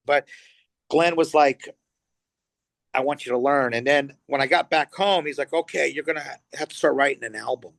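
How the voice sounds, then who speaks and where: Animated middle-aged male storyteller, dry sound. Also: mid-range voice, moderate pace, creaky, no room sound. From Los Angeles, USA. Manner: animated storyteller, acts out quotes, swears freely. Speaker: guest musician. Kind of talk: casual storytelling interview.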